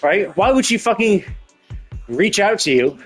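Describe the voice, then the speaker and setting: A man's voice: sits high, animated, measured pace, fairly bright tone, breathy edge, faint music behind. Exasperated, swearing male streamer. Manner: profane, exasperated ranting. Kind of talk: live gameplay commentary.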